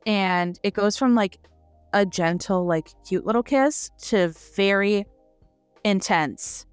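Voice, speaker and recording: A young woman co-hosting a podcast, chatting casually and excitedly about a book she reviewed, laughing often. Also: medium pitch, clear, resonant tone, no room sound, soft background music. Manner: animated, gushing, quick laughs. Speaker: podcast co-host.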